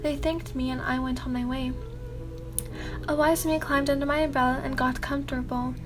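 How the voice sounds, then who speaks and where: High-voiced woman narrating a sleepy ASMR story. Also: flat delivery, a little fast. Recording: music playing underneath.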